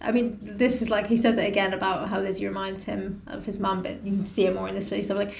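A woman's voice: medium pitch, creaky, a little hiss or hum. A woman co-hosting a podcast, recapping a story in casual, sarcastic chat and acting out the characters. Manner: animated, sarcastic, acts out characters in quick voices. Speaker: podcast co-host. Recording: echoey room.

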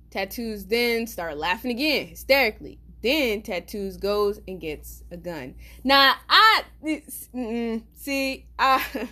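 Animated slangy woman telling a story. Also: fairly high pitch. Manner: animated, slangy, blunt, laughs while telling. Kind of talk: casual storytime.

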